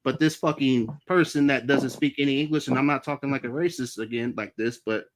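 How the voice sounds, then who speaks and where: A man in the middle of his own live stream, talking fast and loose about his life, angry and swearing freely. His voice sits in an ordinary middle range for a man. The talk is off the cuff, with no script behind it. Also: medium pitch, steady tone, background noise. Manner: heated, heavy swearing. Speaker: livestream host. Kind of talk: casual storytelling on a live stream.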